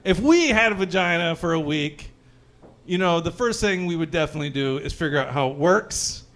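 High-voiced young man doing crude stand-up. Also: fairly quick. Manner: crude, animated storytelling, acts out panicked voices. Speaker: stand-up comedian. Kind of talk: stand-up comedy set. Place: brewery comedy show.

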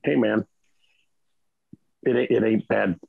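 A man's voice: on the low side, fairly even intonation, slow pace, gravelly, breathy edge, dry recording, phone-quality sound. A man on a podcast panel chatting casually and emphatically, often checking in with "right?". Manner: emphatic, keeps asking "right?".

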